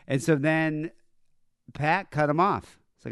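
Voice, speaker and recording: A man's voice: fairly high pitch, unhurried, fairly bright tone, smooth, no room sound, studio quality. A man calling in, telling a story in a loose, rambling, profane way. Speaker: caller. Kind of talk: casual storytelling.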